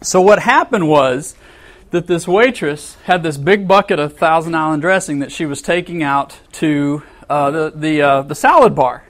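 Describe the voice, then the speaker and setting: A man with a fairly high voice preaches to a congregation, spinning a story with animated, playful energy. He acts out angry lines and chuckles along with his listeners. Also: normal speed. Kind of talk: sermon with storytelling.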